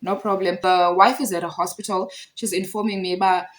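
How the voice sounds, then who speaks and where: Animated woman telling a story. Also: mid-range voice, a little fast. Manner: animated, repeats phrases for emphasis. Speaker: storyteller vlogger. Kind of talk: casual storytime vlog.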